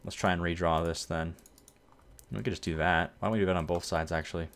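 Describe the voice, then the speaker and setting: Low-voiced and fast, a man hosts a gameplay video, casually commenting on a city-building game as he plays. It's relaxed let's-play commentary that rambles, and he keeps correcting himself along the way.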